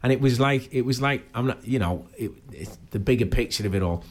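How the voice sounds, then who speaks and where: A man's voice: mid-range voice, brisk, a little mellow. A man, chatting as a guest and telling rambling stories, often asking "do you know what I mean". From Liverpool area. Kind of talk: casual chat.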